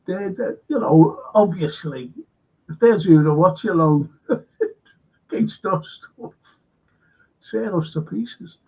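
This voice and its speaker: A man's voice: sits high, expressive, slow, pauses often, darkish tone, slightly rough, muffled recording. A man hosting a live fan stream, chatting casually in a rambling way and reading viewer comments aloud. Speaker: fan channel host.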